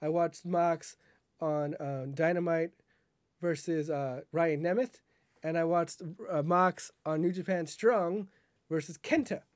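A man's voice: on the high side, slow pace, no echo, clean studio sound. A man co-hosting a casual podcast chat, rambling and correcting himself as he talks. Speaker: podcast co-host.

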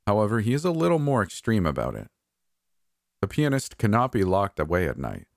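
A man narrating a first-person horror story in a calm, measured, slightly wry way. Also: fairly low pitch, creaky, no room sound, clean studio sound.

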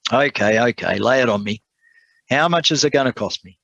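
A man voicing a proud, bitter male prisoner who talks stiffly and protests loudly in a told sermon story. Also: mid-range voice, animated, a little fast, vocal fry, no echo, highs cut off, voice pushed up. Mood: stubborn, proud. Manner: stiff, protesting, rising to cries.

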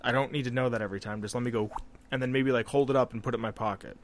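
A man's voice: medium pitch, fairly even intonation, racing, a little hiss or hum. A young man co-hosting a podcast, talking bluntly and animatedly, with casual swearing. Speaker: podcast co-host. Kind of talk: casual chat.

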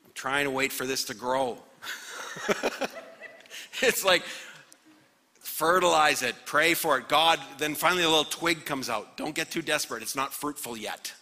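A man preaching a sermon as a guest pastor in a church, lively and acting out the voices he quotes. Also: a little high, normal speed, long pauses, big-room sound. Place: church sanctuary.

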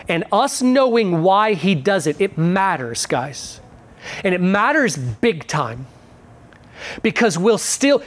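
A man preaching a sermon as pastor, talking through verses and building to emphatic, raised peaks. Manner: emphatic preaching, rising loud and high at key points.

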